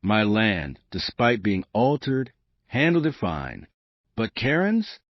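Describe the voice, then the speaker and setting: A man's voice: lowish voice, very animated, slow, no echo, dull audio. A man giving dramatic, emphatic first-person story narration, as if reading a script.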